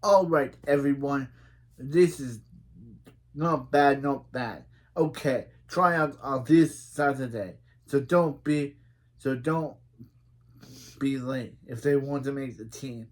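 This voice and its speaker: A man putting on a British accent to voice a brisk male sports coach giving upbeat, clipped instructions. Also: medium pitch, lightly acted. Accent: put-on British.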